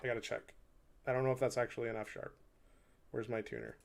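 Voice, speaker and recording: This man's mid-range voice is gravelly and sing-song, and he talks fast through heavy background noise and a faint hurdy-gurdy drone. Live-streaming his practice on an instrument, he rambles casually with viewers and laughs at himself often. He keeps counting beats aloud as he plays.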